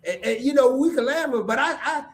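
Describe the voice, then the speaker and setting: A man with a Southern US accent hosting a casual interview, telling animated stories and laughing often. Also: very high voice, brisk. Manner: animated storyteller, laughs often, mimics sayings. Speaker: podcast host.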